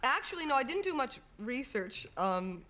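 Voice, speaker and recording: Young american actress on a tv chat show, giggly, tells stories all animated. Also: female voice, sits high, normal speed. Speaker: film actress guest. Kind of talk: studio chat show interview. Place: television studio.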